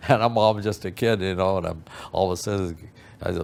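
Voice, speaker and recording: A man's voice: deep voice, a little fast, creaky. An older man telling a story from his youth in an archival interview, rambling and acting out the people he quotes.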